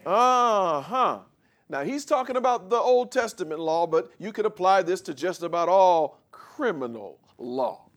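A man preaching a sermon, reading scripture slowly and explaining it, calling out questions for the congregation to answer. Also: expressive. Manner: call-and-response with the congregation; reads scripture slowly then explains, rising louder and higher.

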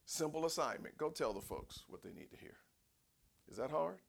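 A man preaching a sermon in a folksy, conversational way, swinging between low asides and shouted cries. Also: animated, moderate pace, creaky. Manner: folksy, conversational, acts out voices. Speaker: pastor.

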